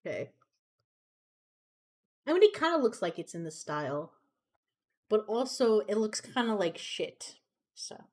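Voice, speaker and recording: A woman's voice: medium pitch, very animated, a little slow, long pauses, darkish tone. A young woman streamer chatting casually while she draws, rambling and swearing freely. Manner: rambling, swears freely, laughs at her own stories. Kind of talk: casual chat while drawing on a livestream.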